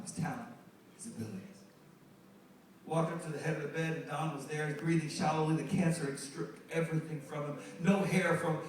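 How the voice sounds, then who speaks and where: A middle-aged male pastor preaching a sermon, animated and joking with the congregation as he tells stories. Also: fairly high pitch. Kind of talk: sermon with storytelling. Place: church sanctuary. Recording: echoey hall, distant mic, music behind.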